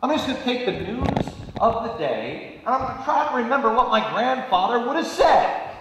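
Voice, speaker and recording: A middle-aged man giving a sarcastic, animated live stage monologue, mocking people by putting on their voices. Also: very high voice, normal speed, noisy background. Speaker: political commentator on stage. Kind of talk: live stand-up style monologue. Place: large auditorium stage. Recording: echoey hall audio from far off.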